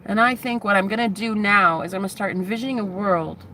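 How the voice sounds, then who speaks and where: A woman's voice: medium pitch, quick pace, pushed and bright, a little hiss or hum. A woman in her thirties, a spiritual vlogger, giving a heated, profane, taunting rant to the camera. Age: 30s.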